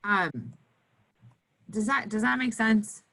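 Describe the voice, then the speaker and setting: A woman occupational therapist teaching nurses in an educational panel talk, animated and acting out cheerful voices for children. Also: medium pitch, slow pace, low-quality recording.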